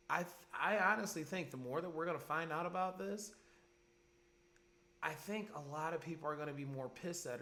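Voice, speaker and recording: A man's voice: mid-range voice, sharp tone. A man in his forties hosting a podcast, ranting in heated, profane commentary. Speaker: podcast host. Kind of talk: angry commentary monologue. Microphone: podcast mic.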